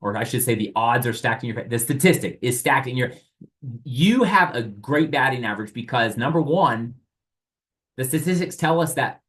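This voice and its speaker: A man's voice: medium pitch, a bit bright. A man teaching an online sales training, speaking energetically straight to his audience and often asking rhetorical questions. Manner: asks rhetorical questions and plays both sides.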